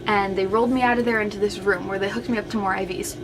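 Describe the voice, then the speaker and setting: A young woman talks straight to her camera at home, chatty and unpolished, leaning on "like" as she retells what people said to her. Her pitch sits mid-range for a woman. A faint noise runs under the recording. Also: fairly even intonation, fast talker. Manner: chatty, heavy use of "like", retelling with quoted voices. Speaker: vlogger. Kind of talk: casual storytelling to camera.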